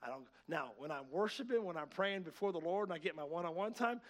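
A man preaching to his church, his voice sitting a little high for a man. He swings from quiet, chatty asides to loud, excited preaching. He wears a clip-on mic in the sanctuary. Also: fast. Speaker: pastor. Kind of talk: sermon. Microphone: clip-on mic that keeps slipping.

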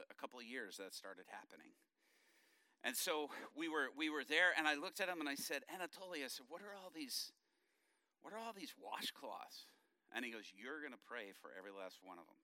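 Middle-aged male preacher, somewhat high, very bright tone, lively storytelling sermon delivery. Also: no echo, studio quality. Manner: animated storytelling, acting out quotes. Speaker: pastor.

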